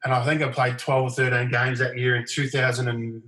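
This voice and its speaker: A man's voice: mid-range voice, brisk. A middle-aged Australian man telling stories in casual chat, acting out other people's lines in livelier raised voices. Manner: animated anecdotes, acting out quotes in raised voices. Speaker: podcast guest. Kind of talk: casual storytelling. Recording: roomy echo.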